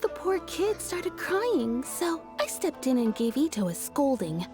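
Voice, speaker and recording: A woman's voice: high-pitched, sing-song, measured pace. A chatty, amused townswoman. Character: cheerful townswoman, kimono maker, amused and frank. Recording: game dialogue over music.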